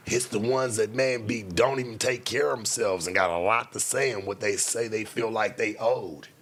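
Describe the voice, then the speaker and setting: A man hosting a late-night show, talking in a blunt, profane casual monologue with sudden loud outbursts. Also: lowish voice, moderate pace.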